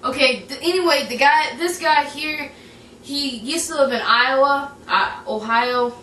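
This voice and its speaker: A young woman with a high-pitched, bright, forceful voice reviews a movie at a measured pace, giggling and rambling with plenty of fillers and restarts. She sounds distant in an echoey room with faint background noise.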